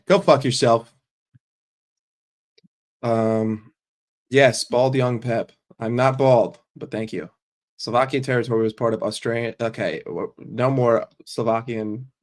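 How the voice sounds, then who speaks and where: Man, football fan streamer, sarcastic, swears a lot, mid-range voice. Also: mid-range voice. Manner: profane, sarcastic, argumentative. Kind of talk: casual livestream rant.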